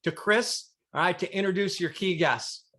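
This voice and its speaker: Brief: motivational speaker, fairly high male voice, dramatic storytelling pace, call audio. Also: moderate pace, pushed and bright. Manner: dramatic storyteller, repetitive emphatic phrasing. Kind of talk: storytelling keynote on a group call. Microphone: video call.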